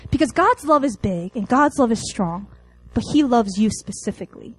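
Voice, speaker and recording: A woman's voice: fairly high pitch, animated, moderate pace, a little hiss or hum, rough recording. A young adult woman preaching a sermon to college students, telling a story with laughs and acted-out lines.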